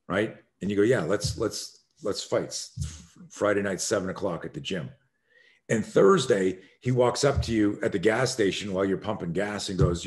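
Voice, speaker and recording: Middle-aged male self-defense coach, podcast guest; low voice, animated storyteller who acts out the people he quotes. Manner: acts out quoted voices, swings loud and soft.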